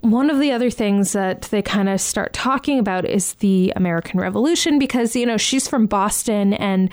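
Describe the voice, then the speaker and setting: A woman's voice: mid-range voice, normal speed, darkish tone, no echo, studio quality. A woman co-hosting a casual TV recap chat, talking in a chatty, hesitant way with plenty of fillers. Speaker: podcast co-host.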